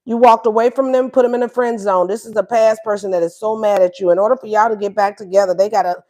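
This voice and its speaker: A woman's voice: mid-range voice, fairly even intonation, fast, warm tone. A woman giving a casual tarot reading, sassy and acting out what the lovers would say. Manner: sassy, acts out voices of both lovers. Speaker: tarot reader.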